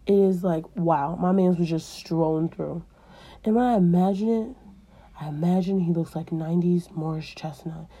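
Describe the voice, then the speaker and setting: A woman's voice: fairly low pitch, normal speed, dark tone, husky. A woman podcast host retelling an old story in a casual, comedic, slangy and digressive way.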